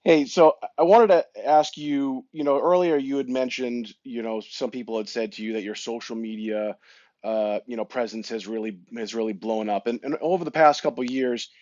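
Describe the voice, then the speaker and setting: A man's voice: mid-range voice, moderate pace, a little mellow, no echo. A man who says he is sick, asking a guest a question in a friendly, hesitant way with lots of fillers. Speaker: audience member asking a question. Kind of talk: casual chat. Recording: dull, dry audio.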